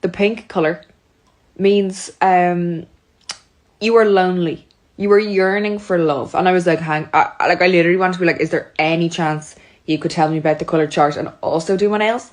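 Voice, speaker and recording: A young woman with a fairly low voice delivers a chatty, exasperated storytime monologue, voicing both sides of every exchange. Her tone stays steady and her speed normal.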